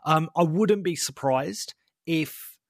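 A man co-hosting a casual chat, animated and calling his friend "mate" a lot. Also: a little high, slow pace, breathy edge, no echo, studio quality. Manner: animated, says "mate" often, many restarts. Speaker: podcast co-host.

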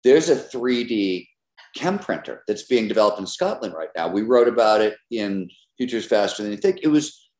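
A man being interviewed as an author, talking in a casual, animated way and laughing often between tangents. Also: on the low side, normal speed. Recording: roomy echo.

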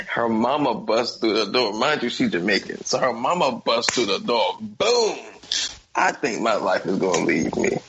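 A man telling a story in casual chat, with lively pitch swings and a middle-range voice. His speech is slangy and salty, and he laughs between lines. Faint hiss sits behind him. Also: measured pace, highs cut off. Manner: slangy, profane.

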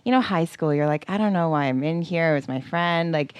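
Her deep, smooth voice moves a little fast in a dry recording. She's a podcast co-host in her forties sharing a personal story casually and animatedly, acting out quotes and filling her speech with lots of fillers.

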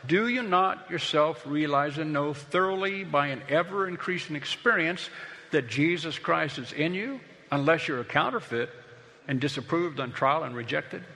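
A man's voice: on the high side, animated, normal speed, creaky, pushed and bright, long reverb tail. A middle-aged man, a pastor, preaching a sermon in a conversational, storytelling way that builds to emphatic points.

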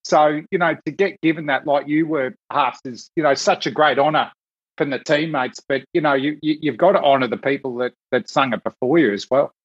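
A man's voice: on the high side, brisk, breathy edge, dry recording. A man with an Australian accent hosting a podcast, asking eager, chatty questions. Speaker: podcast host. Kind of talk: casual podcast interview. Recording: dull lo-fi audio.

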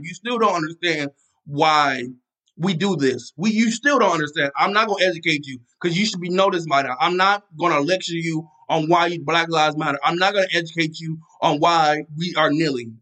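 Heated podcast host, bright and fiery. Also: male voice, a little high. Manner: angry, repetitive, many restarts and fillers. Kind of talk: casual solo podcast rant.

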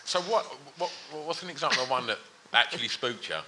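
A man's voice: medium pitch, animated, fairly quick, background noise. A man hosting a casual podcast chat, teasing and asking questions.

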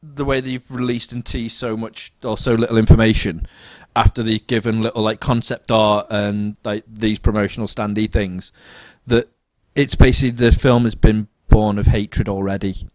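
Brief: young guy, low-ish voice, loose sweary film chat, dry close sound. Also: normal speed, hardly any pauses, no room sound. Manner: animated, swearing, trailing restarts. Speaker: podcast co-host.

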